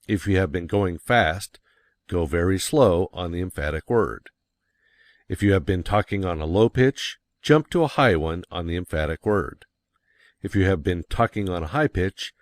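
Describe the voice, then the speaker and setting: A man reading nonfiction aloud as an audiobook narrator, in a measured, deliberate manner. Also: low-pitched, no echo.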